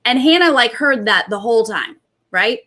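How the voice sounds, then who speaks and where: A young adult woman hosting a casual recap, retelling events in animated bursts and quoting others. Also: a little high, moderate pace. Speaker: host.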